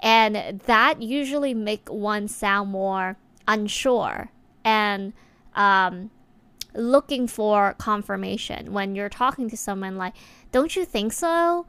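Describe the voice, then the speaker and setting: A woman's voice: mid-range voice, fairly even intonation, slow pace, fairly bright tone, clear, resonant tone, no room sound. A woman speaking in a casual talking-to-camera monologue, reflective and chatty with many filler words.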